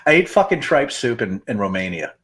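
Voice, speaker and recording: Animated, jokey man on a podcast. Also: a little fast. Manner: animated, jokey, breaks into big pitch jumps. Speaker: podcast co-host. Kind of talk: casual chat.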